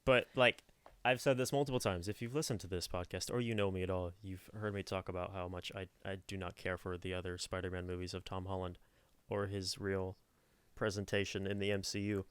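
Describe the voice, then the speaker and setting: A man's voice: deep voice, fairly even intonation, a little fast, clean tone, no echo. A young man co-hosting a podcast, talking through his opinions at length in a casual chat. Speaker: podcast co-host.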